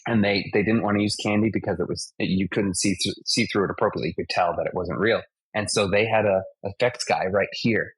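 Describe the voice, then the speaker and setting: A man in his forties from Massachusetts, a stunt performer telling animated stories in an interview and acting out the impacts. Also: fairly low pitch, fairly quick, husky, no room sound, rough recording. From United States (Massachusetts). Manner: animated anecdotes, acts out impacts and sound effects. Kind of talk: casual storytelling interview.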